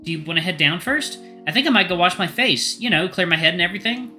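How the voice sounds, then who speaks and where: Brief: kind dog doctor, read by a man, earnest and apologetic, lifted bright voice. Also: high-pitched, lively intonation, fast talker, soft background music, pitched above the performer's own voice, full character voice. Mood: cheerful. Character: gentle caring male dog doctor.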